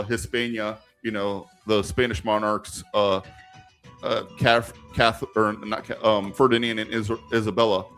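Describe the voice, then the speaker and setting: Male live stream host, casual Q&A, mid-pitched, rambling with many restarts. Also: fairly bright tone. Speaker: live stream host answering viewer questions.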